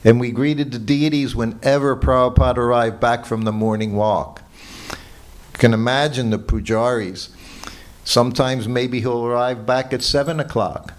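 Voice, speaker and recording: A man's voice: mid-range voice, fairly even intonation, normal speed. An older man giving a morning class at a temple, telling personal stories in a reminiscing, chuckling way. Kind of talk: anecdotal temple lecture. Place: temple hall.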